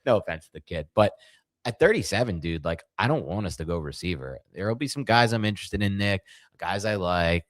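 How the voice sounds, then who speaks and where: Deep-voiced man in rambling sports chat. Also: fairly quick, no room sound. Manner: animated, rambling, jokey asides. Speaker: podcast co-host.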